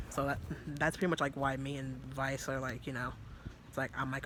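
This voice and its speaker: A man telling a story to his viewers in a rambling, casual way, full of fillers and casual swearing, mostly soft-spoken. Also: mid-range voice, flat delivery, normal speed, noisy background. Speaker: vlogger.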